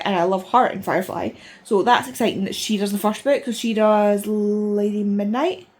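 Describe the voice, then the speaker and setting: A woman in her thirties, chatting casually and excitedly in a rambling way as a book vlogger, sounding tired. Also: mid-range voice. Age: 30s. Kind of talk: casual vlog chat.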